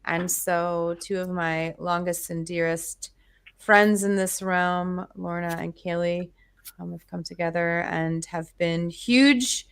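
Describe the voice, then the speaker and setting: A woman with a low, breathy voice hosts a relaxed group chat on a video call. She leans into the microphone and lets her words linger, effusive and affectionate. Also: slow pace. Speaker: host. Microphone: close microphone.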